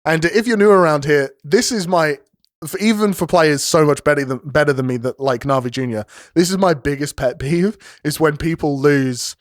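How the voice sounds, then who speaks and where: A young man, casting a live esports match solo, racing through rapid play-by-play that builds to shouting at big fights, with chatty asides to his stream chat. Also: on the high side, no room sound, clean studio sound. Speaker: esports caster. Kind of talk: solo live game commentary.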